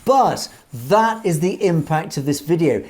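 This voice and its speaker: A man commentating on a video in measured, earnest political commentary, with light hesitations. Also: a little high, animated, darkish tone. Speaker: online news commentator.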